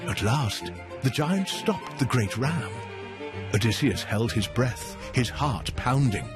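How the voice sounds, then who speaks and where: A man narrating a myth in an expressive, emphatic storytelling style. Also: mid-range voice, takes it slowly, over music.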